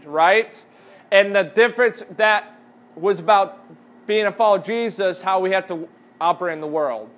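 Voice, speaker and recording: A man's voice: high-pitched, a bit bright. A man as youth pastor, giving a casual sermon and asking the audience questions.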